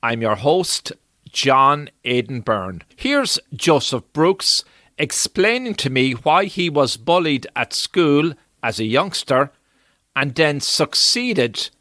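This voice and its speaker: A man hosting a podcast, introducing his guest from a studio in a measured, announcer-like way. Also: fairly high pitch, big pitch swings, bright, forceful tone, no room sound. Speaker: podcast host. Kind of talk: scripted introduction. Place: recording studio.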